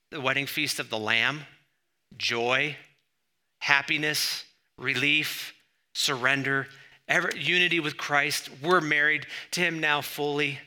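Bright-voiced pastor preaching. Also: male voice, medium pitch, unhurried. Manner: animated, rising loud on scripture; conversational with fillers and asides. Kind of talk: sermon.

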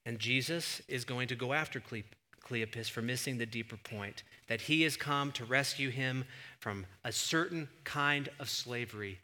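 A male pastor preaching a sermon in a church, an animated storyteller who surges into emphatic, near-shouted points. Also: mid-range voice, normal speed. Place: church sanctuary. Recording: long reverb of a church hall.

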